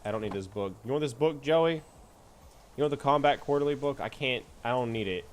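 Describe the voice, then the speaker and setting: A man's voice: medium pitch, brisk. A man streaming a game, chatting casually and teasing his viewers with frequent laughter. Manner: playful, teasing, often laughing. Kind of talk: casual gameplay chat.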